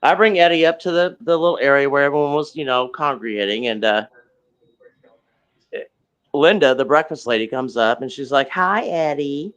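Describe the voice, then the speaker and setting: A man telling a casual story in an animated way, acting out quotes and growling noises. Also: medium pitch, normal speed, clear, resonant tone. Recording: dull lo-fi sound.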